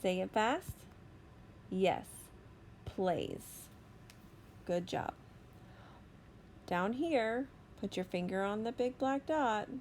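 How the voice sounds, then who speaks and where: A woman teacher giving a slow, deliberate phonics lesson to young children, stretching out each sound. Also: mid-range voice, expressive, a little mellow, a little hiss or hum. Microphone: recorded voice-over for a whiteboard lesson video.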